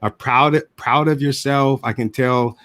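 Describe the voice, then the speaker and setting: A man's voice: mid-range voice, steady tone, a little slow, fairly bright tone, no echo, clean studio sound. A man hosting an interview, talking reflectively and telling stories with frequent restarts. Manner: reflective, storytelling, many restarts. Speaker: podcast host. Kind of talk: casual interview chat.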